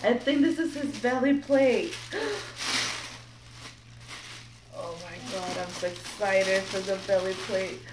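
A young woman chatting excitedly to camera while unboxing something at home, nervous and giggly. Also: medium pitch, normal speed, few pauses. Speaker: vlogger. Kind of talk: casual unboxing chat to camera. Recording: echoey room, mic a bit distant, faint background noise.

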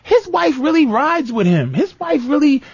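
A man's voice: very high-pitched, very animated, normal speed, vocal fry, darkish tone, no echo, voice pushed up, full character voice. A man quoting his upset girlfriend in a raised, whiny voice. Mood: hurt, sulky. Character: upset adult girlfriend, woman, sulky and hurt. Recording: muffled lo-fi, dry.

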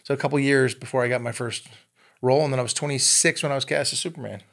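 A middle-aged man chatting as a guest, telling animated stories and acting out quotes. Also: medium pitch, fast talker. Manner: animated storyteller, acts out quotes. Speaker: guest actor. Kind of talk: casual chat.

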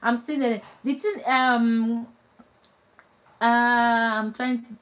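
A woman from Nigeria with a Nigerian accent, whose first language is Igbo, chatting casually and warmly with live viewers, laughing often and restarting her phrases. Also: a little high, fairly even intonation, slow. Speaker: vlogger.

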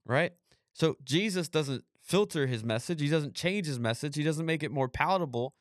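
A man's voice: fairly high pitch, animated, normal speed, dry recording, studio quality. A man hosting a podcast, preaching emphatically, reading scripture and repeating phrases for emphasis. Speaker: podcast host.

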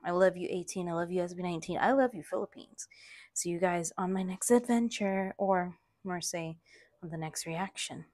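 A young woman from Latin America, vlogging an excited unboxing and gushing with delight. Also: on the low side, moderate pace. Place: in the Philippines.

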